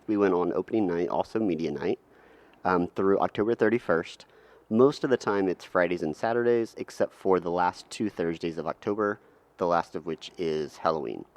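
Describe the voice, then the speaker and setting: Deep-voiced man co-hosting a podcast. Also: dry recording. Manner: relaxed, methodical, lays out segments. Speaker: podcast co-host. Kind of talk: casual chat.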